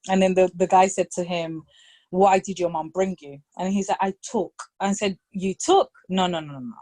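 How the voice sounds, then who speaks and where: In a fairly low voice at normal speed, a podcast guest spins an animated story during a casual storytelling chat. She performs the voices of the people involved and code-switches into Spanish phrases.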